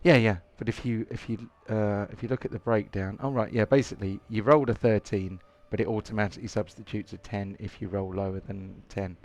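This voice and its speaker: A man's voice: fairly low pitch, fairly even intonation, brisk, few pauses, darkish tone. A man running a tabletop game as game master, chatty and full of hesitant fillers. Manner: chatty, hesitant, lots of ums. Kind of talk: casual tabletop game narration.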